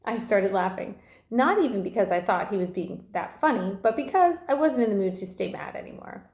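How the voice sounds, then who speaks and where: Teacher read-aloud, calm steady woman, mid pitch, echoey room. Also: fairly quick. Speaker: teacher reading a novel aloud. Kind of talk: read-aloud with class questions.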